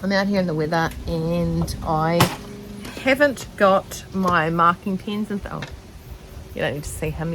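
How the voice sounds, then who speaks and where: A woman's voice: lowish voice, fairly even intonation, unhurried, noisy background. A middle-aged woman with a New Zealand accent, vlogging casually as she sews outdoors on a shaded deck, rambling and joking at herself with lots of ums. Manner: rambling and self-mocking, with many ums. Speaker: sewing vlogger. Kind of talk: casual chatty vlog.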